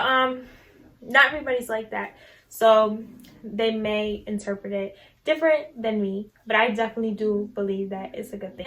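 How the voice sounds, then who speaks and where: Bright-voiced teenage girl vlogging. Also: medium pitch, poor audio. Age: teens. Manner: chatty and self-assured, affectionate to viewers. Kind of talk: casual vlog talk to camera.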